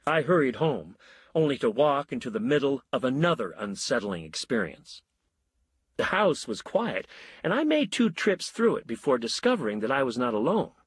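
Husky male storyteller, lively inflection. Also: medium pitch, dry recording. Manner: wry, measured storytelling. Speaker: narrator. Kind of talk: audiobook narration of a short story.

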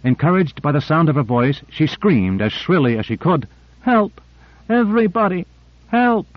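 A man reads a novel aloud in a measured, even narrator's voice. The recording is dry and close, with a slightly dull, muffled tone. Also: medium pitch, no echo. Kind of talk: audiobook narration.

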